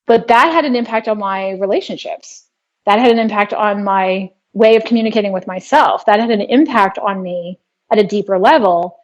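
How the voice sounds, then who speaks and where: A woman guest in an interview, explaining her work earnestly and telling a personal story in a steady way. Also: medium pitch. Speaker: guest, trauma healing practitioner. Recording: dull lo-fi sound.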